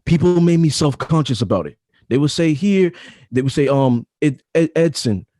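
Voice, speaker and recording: A man's voice: fairly high pitch, lively intonation, moderate pace, mellow, dry recording, clean studio sound. A man in his thirties, a podcast guest talking casually, with emphatic, repetitive advice-giving. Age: 30s. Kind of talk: casual chat.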